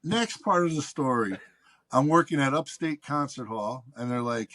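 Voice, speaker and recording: Speaking at medium pitch and normal speed, this male podcast guest tells a lengthy story in loose, foul-mouthed chat. He animates it by imitating the voices of those he quotes.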